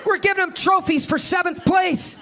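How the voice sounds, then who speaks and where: A man's voice: very high-pitched, fairly even intonation, normal speed. A male stand-up comedian doing a brash, profane set and working the crowd. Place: comedy club stage. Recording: live club with crowd noise. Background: audience laughter and room noise.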